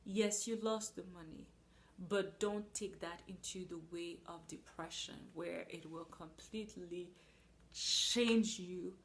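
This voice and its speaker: A woman's voice: lowish voice, slow pace, a little hiss or hum. Earnest woman preaching a sermon. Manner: earnest, emphatic, with acted-out asides.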